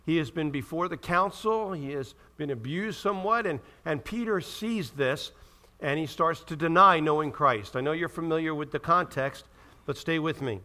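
A man's voice: on the high side, normal speed, sharp tone. A man preaching a sermon to his church, asking the congregation questions. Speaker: pastor.

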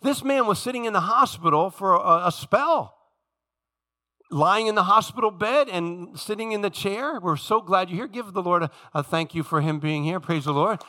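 Brief: male pastor, high bright voice, lively sermon delivery, drops to hushed tones then shouts. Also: moderate pace. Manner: animated, shifts from low hush to shouting; addresses congregation directly, acts out quoted speakers.

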